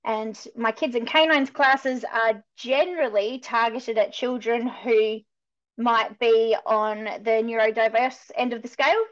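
An energetic woman with a slightly high voice talks as a guest on a podcast. Her lively, upbeat delivery comes through a dull, muffled recording. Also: measured pace. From Australia. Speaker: dog trainer, guest. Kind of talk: podcast interview.

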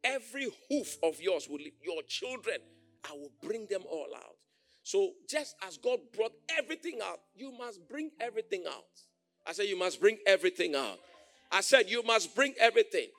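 A man preaching a sermon as pastor, animated, often shouting and laughing as he mimics others. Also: high-pitched, moderate pace, faint music behind.

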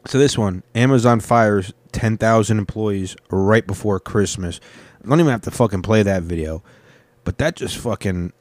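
Man, streamer-style reaction chat, low voice, dry close sound, loose and profane. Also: normal speed, dry recording. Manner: rambling, swears a lot, restarts. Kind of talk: casual profane reaction commentary.

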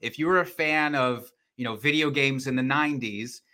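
A man with a high, slightly odd voice, chatting casually as a podcast guest and often laughing at himself. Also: moderate pace, bright, forceful tone. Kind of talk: casual chat.

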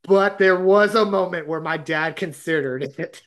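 A man's voice: sits high, unhurried, a bit bright. A man from Arkansas, hosting a podcast and telling a rambling, laughing story in casual chat. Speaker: podcast host.

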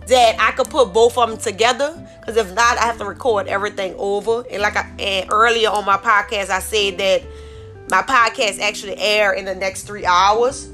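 Speaking a little high with a sharp tone, this Southern-accented woman from New Orleans hosts a solo podcast on her phone. She's profane and irritated, rambling along and saying "like I said" again and again.

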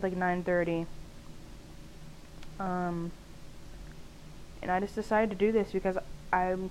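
A woman's voice: mid-range voice, darkish tone, low-quality recording. Chatty young woman with faint hiss. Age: young adult. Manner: chatty and candid, many "like" fillers, frequent laughs. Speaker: podcast host. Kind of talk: casual solo podcast monologue.

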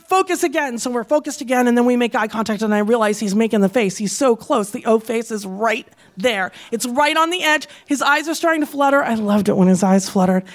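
High-voiced woman telling a wild story. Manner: animated, acts out quotes with shouted outbursts; profane, laughs through the telling. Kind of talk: comic personal storytelling.

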